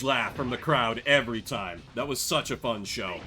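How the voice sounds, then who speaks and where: With music behind him, a young game streamer chats casually at a moderate pace and medium pitch, pausing little. He spins meandering stories packed with fillers.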